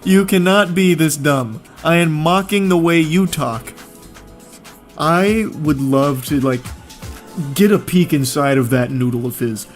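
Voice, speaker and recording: A man in his forties giving sarcastic, exasperated commentary as he reads out someone's text messages, now and then mimicking them in a shrill voice. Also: measured pace, faint music behind. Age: 40s. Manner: mocking, exasperated, puts on shrill voices for quotes. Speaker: streamer reading text messages.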